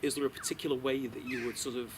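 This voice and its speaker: A man's voice: mid-range voice, little pitch movement, background noise. A man co-hosting a casual interview who affirms answers and asks follow-up questions. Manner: affirming, quick asides.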